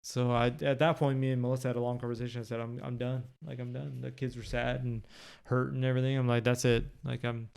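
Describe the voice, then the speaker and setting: A man's voice: mid-range voice, little pitch movement, fast talker, gravelly, hardly any pauses, a little mellow, clean tone. A man talking as a podcast guest in his home, telling a personal story in a blunt, profane, rambling way. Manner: blunt and profane, with many fillers. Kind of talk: candid conversational storytelling. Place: living room of his home.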